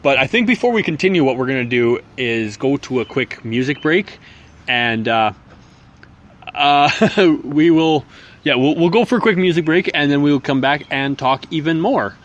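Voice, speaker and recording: A man co-hosting a casual podcast, talking in a chatty, halting way with many fillers and restarts. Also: a little high, lively intonation, a bit bright. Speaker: podcast co-host. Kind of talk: casual chat.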